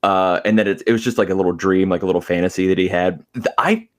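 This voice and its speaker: A man's voice: low voice, steady tone, quick pace. A man co-hosting a horror movie podcast in casual review chat, rambling and profane, with lots of fillers. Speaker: podcast co-host.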